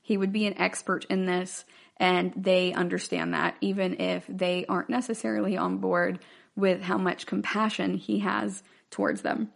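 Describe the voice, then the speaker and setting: A woman's voice: lowish voice, flat delivery, normal speed, vocal fry. A woman hosting a podcast, recapping a TV episode in a chatty, loose way with plenty of fillers. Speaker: podcast host.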